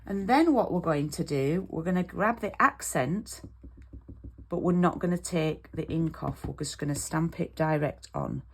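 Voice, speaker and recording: A woman's voice: low-pitched, unhurried, slightly rough. A British woman demonstrating card making in an online class, chatty and step by step, checking in with "okay?" as she goes.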